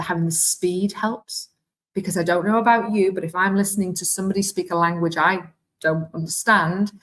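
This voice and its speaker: Chatty Welsh woman demoing software. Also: fairly low pitch, poor audio. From Wales. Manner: chatty, self-deprecating, thinks aloud while clicking. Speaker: teacher trainer. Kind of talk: live online software demonstration.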